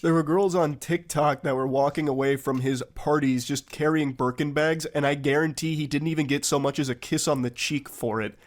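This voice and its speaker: A man with a congested, stuffed-up voice narrates a commentary video. He mocks his subjects with dry sarcasm. His voice sits a little high for a man. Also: steady tone, fairly quick, few pauses. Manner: mocking, sarcastic.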